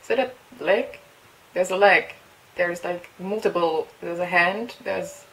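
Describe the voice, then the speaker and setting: A woman who is not a native English speaker, hosting a casual reaction video and reading along with excited squeals, laughs and musing asides. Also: on the low side, a little slow, rough recording. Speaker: webtoon reaction host.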